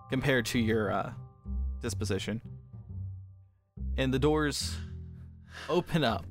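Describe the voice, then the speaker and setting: A man running a tabletop role-playing game as game master, describing scenes casually. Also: mid-range voice.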